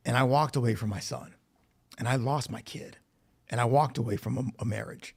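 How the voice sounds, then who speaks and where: In a recovery facility meeting room, a man with a mid-range, gravelly, husky voice shares his recovery story as personal testimony. He speaks candidly, swearing and acting out quoted dialogue.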